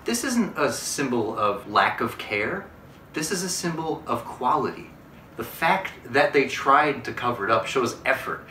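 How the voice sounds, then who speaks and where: A man's voice: medium pitch, noisy background. A man hosting a comedy unboxing review, talking in mock-earnest, overexcited salesman patter. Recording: roomy echo, mic at a distance.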